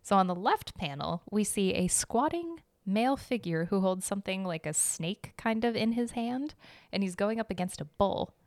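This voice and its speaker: A woman's voice: medium pitch, lively intonation, moderate pace, no room sound, studio quality. A young woman with a Midwestern American accent, hosting a casual art history podcast with a chatty, giggly, self-deprecating manner. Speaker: podcast host.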